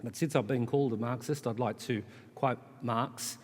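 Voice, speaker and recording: A man's voice: mid-range voice, fairly even intonation, moderate pace, background noise. Impassioned man speaking in a hall. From Australia. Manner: impassioned rhetorical repetition, then wry asides. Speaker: charity CEO, conference speaker. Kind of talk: conference speech. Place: conference hall. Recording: long hall reverb.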